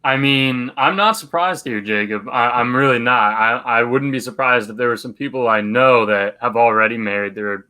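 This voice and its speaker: A man's voice: mid-range voice, normal speed, hardly any pauses, pushed and bright, smooth, low-quality recording. A young man co-hosting a casual podcast, joking around and telling stories loosely. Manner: joking, slips into mock quotes. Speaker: podcast co-host. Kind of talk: casual chat.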